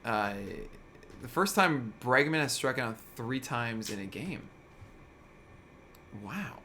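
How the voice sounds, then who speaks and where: A young man co-hosting a casual live baseball watch-along, jokey and quick to break into giggles. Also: medium pitch, animated, bright, forceful tone. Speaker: co-host. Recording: faint background noise.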